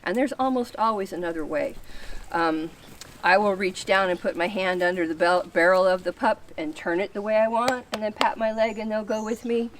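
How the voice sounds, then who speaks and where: A woman's voice: medium pitch, fairly even intonation, slight background noise. Woman dog trainer, distant outdoor mic. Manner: plain, practical explaining with a brisk teaching tone. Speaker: livestock guardian dog breeder and trainer. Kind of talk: instructional training video.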